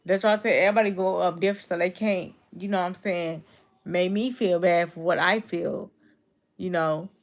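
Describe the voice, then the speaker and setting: Young woman in her 20s on a stream, aave, low-ish voice, blunt and repetitive, talking back to chat. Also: fairly even intonation, normal speed. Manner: blunt, repetitive, talks straight back to commenters. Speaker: YouTube streamer. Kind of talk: casual live-stream chat with viewers.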